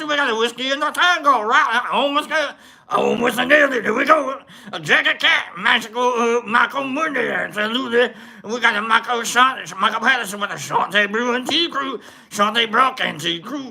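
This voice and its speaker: Bright, rambling livestream host. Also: gravelly. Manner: rambling and goofy, with many fillers and big swings in pitch. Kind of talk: casual live-stream chat with viewer shoutouts.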